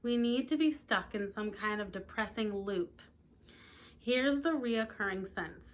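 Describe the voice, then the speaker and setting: A woman's voice: mid-range voice, a little slow, slight background noise. A woman, a teacher, reading a novel aloud and breaking off for chatty asides to her listeners.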